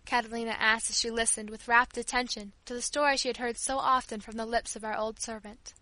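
A woman reading a story aloud in a gentle, earnest narrating manner. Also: on the high side, flat delivery, brisk, dry recording, poor audio. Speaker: reader. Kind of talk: audiobook narration.

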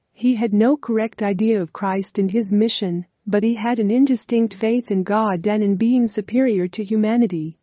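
A woman reading a religious text aloud as scripted narration, in a steady, measured way. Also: medium pitch, no echo. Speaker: audiobook reader. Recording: dull, lo-fi dry recording.

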